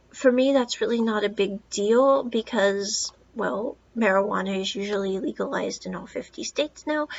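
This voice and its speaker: A woman in her thirties talks through a film review on her own podcast, rambling from aside to aside. Her voice sits a little high. The recording is dull and lo-fi. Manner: chatty, rambling with asides and quoted dialogue. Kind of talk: casual solo movie review.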